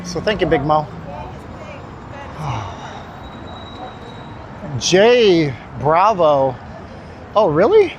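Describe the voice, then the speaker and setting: A tired, somewhat winded man walks and talks through a casual livestream, rambling and joking with his viewers. His voice sits a bit high. It is picked up by a handheld phone with loud street noise around him. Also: big pitch swings, very slow, long pauses, muffled recording. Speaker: livestream host. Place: city street outdoors. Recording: phone mic on a noisy street.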